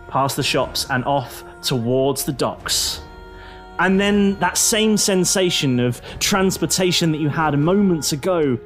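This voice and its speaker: A man acting as game master, telling the story to the players in the second person with a dramatic storyteller's delivery. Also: on the high side. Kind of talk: dramatic tabletop narration.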